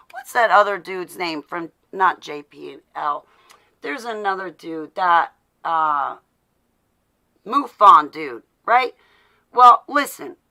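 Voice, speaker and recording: Streaming live from her home, this woman rambles through a sarcastic political rant and calls out viewers by name as she talks. Her voice is on the high side, bright and forceful.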